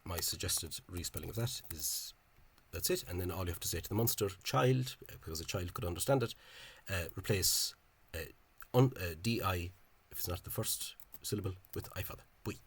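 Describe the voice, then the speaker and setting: A man talks through language spelling in a relaxed, unscripted way, his voice very low and a little husky. He speaks haltingly, stumbling over repeated words and filler sounds. He comes across as opinionated and blunt. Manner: opinionated, dismissive of official spelling. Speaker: language enthusiast explaining spelling. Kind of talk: casual explanatory monologue.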